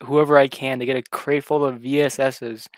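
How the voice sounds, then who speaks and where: A man's voice: medium pitch, little pitch movement, normal speed, no echo. Blunt, edgy man in stream banter. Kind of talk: casual chat on a live stream.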